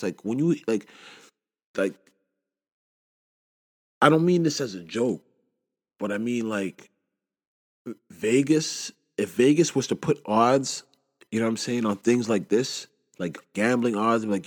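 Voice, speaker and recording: This podcast host is a man in his twenties talking alone, upset and rattled, drifting through a casual monologue stuffed with "you know what I'm saying." He speaks at medium pitch with lively intonation and a measured pace, pausing often. The tone is darkish, trailed by long reverb.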